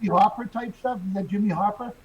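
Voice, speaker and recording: A man's voice: high-pitched, a little mellow, muffled recording, slight background noise. A man co-hosting a casual live stream, throwing in wisecracks. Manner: wisecracking, quick interjections.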